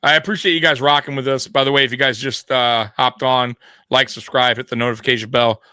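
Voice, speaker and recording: A man's voice: medium pitch, steady tone, brisk, sharp tone, dry recording. A man co-hosting a casual live sports stream, laughing often and teasing his co-host.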